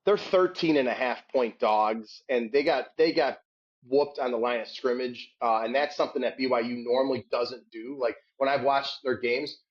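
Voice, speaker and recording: A man telling a rambling, animated sports story in a casual podcast chat. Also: normal speed. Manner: animated, shouts quoted hecklers in a high voice. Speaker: podcast guest. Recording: dull lo-fi sound.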